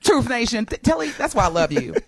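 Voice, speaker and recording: A woman's voice: a little high, big pitch swings, a little fast. A woman co-hosting a talk show, chatting animatedly with exclamations and laughter. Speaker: co-host. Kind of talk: casual commentary chat.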